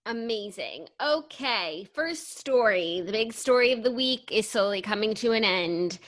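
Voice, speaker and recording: A woman's voice: medium pitch, lively intonation, a little slow, a bit bright. A woman co-hosting a podcast over a video call, chatting in a playful, casual way. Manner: playful, breaks into a silly rap. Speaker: podcast co-host. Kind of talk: casual chat.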